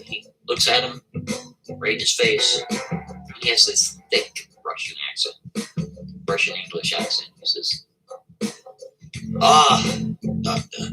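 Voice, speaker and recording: Animated, bright-voiced male storyteller. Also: medium pitch, low-quality recording. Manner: animated, keeps asking the listener "right?". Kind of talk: casual spoken storytelling.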